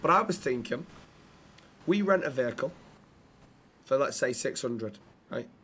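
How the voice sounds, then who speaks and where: A British man talking in character in a role-play game, eagerly pitching ideas and stumbling over his words. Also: lively intonation, unhurried, a bit bright, slightly rough.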